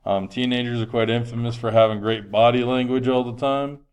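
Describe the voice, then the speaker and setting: A man's voice: mid-range voice, fairly even intonation, a little fast, smooth. A man, a teacher, giving a recorded health lesson in a conversational, projecting voice with frequent fillers. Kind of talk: classroom lecture.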